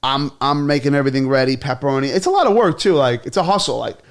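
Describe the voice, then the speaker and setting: A man, a comedian, telling stories in a casual chat, animated and quick to laugh, swearing freely. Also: medium pitch. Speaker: comedian guest.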